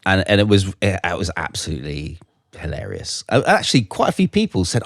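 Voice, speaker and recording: Deep-voiced man recounting a trip. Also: huge pitch swings, quick pace, gravelly, dry recording, studio quality. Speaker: podcast co-host. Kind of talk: casual chat.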